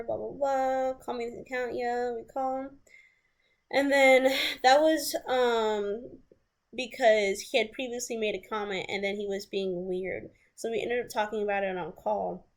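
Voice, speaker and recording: Woman vlogger, storytime read-through of old texts, rambling, blunt and sweary. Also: on the high side. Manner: rambling, reads messages aloud with restarts and asides; blunt and casual, swears freely. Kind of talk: casual storytime, reading out old messages.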